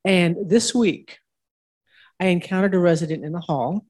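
A woman's voice: lowish voice, normal speed, slightly rough. A woman on a panel, a staff member at a Baptist senior home, talking at length and telling stories with energy. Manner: talkative, animated storyteller. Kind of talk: panel interview.

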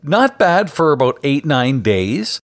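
A man's voice: on the high side, big pitch swings, takes it slowly. A man hosting a podcast, chatting casually with an upbeat, joking manner. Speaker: podcast host.

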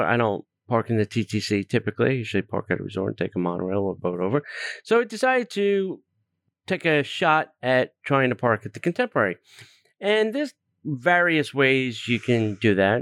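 A man hosts a podcast in relaxed conversation. He tells the story with animated, exasperated asides and plenty of fillers. His voice is smooth and resonant, and the sound is dry and close. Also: mid-range voice, no echo. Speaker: podcast host. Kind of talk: casual chat.

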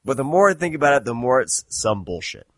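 A man's voice: mid-range voice, sing-song, fast, no echo, studio quality. A man hosting a podcast, chatting casually in a rambling, profane, self-deprecating way. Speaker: podcast host. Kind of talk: casual chat.

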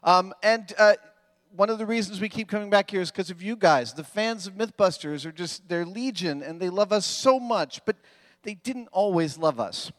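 A man's voice: high voice, fairly bright tone. A man telling playful stories to a live convention audience from the stage. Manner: playful, joking, quick bursts. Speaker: stage guest speaking at a fan convention. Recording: reverberant live hall.

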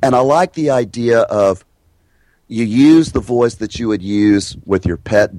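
A middle-aged man, a hypnosis trainer and guest, telling stories in an animated way and acting out the voices of the people in them. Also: fairly low pitch, unhurried, no room sound. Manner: lively, acts out the voices of people in his stories. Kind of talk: animated storytelling in a podcast interview.

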